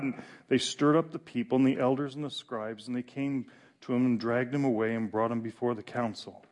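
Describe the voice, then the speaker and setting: A male pastor preaching a sermon in a conversational, animated way with fillers and pauses. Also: medium pitch.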